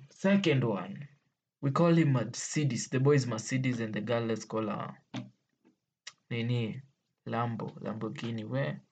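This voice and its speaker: Unhurried Kenyan storyteller, playful and laughing. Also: medium pitch, darkish tone, husky, dull audio. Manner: playful, exclaiming, laughing often, mixing English with Swahili slang. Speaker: vlogger telling stories. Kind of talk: casual storytelling to viewers.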